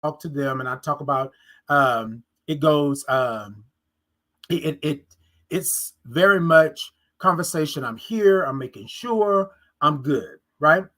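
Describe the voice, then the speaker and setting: Woman host, casual storyteller; animated, acts out the back-and-forth, repeats lines for emphasis, speaks right to her audience. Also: deep voice, takes it slowly. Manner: animated, acts out both sides of conversations; talks straight to listeners, repeats phrases for emphasis. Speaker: podcast host.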